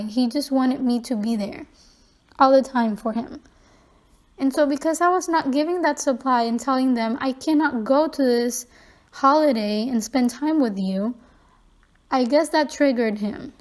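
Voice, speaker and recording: A woman's voice: high-pitched, darkish tone. A young woman vlogging, candidly retelling a personal story in a conversational way with frequent fillers and restarts.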